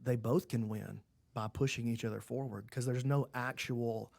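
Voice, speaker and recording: A man with a gravelly, mid-pitched voice, speaking as a podcast guest. He talks earnestly and with some fire about the sport he loves. The sound is close and dry. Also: fairly even intonation, moderate pace, a little mellow, dry recording. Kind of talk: casual chat.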